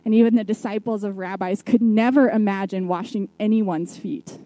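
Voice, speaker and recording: A woman preacher retelling a Bible story in a sermon, reflective, with soft hushed drops at key moments. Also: medium pitch, moderate pace, no echo, poor audio.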